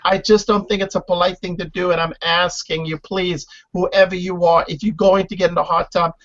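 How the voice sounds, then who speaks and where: A man, a former reality show contestant, telling house stories in a casual podcast interview, animated and loud when mimicking others. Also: sits high, fairly quick. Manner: animated storyteller, shouts when imitating others. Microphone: online call. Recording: lo-fi online call audio.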